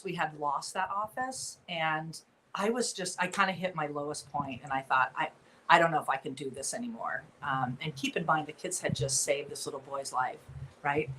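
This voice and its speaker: A woman's voice: deep voice, moderate pace, a bit bright, slight background noise, poor audio. Earnest middle-aged woman telling her story. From Southern California. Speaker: nonprofit founder and guest. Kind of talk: interview conversation.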